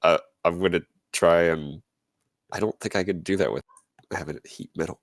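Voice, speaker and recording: A man's voice: deep voice, normal speed, dry recording. A man playing a tabletop game, joking around and hesitating as he decides his moves. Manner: joking, hesitant, restarts often. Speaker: player. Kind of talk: casual tabletop play.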